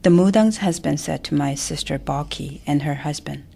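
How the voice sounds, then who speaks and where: Low gravelly woman, softly narrating. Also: moderate pace, slight background noise. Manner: soft, often whispered narration. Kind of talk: memoir storytelling.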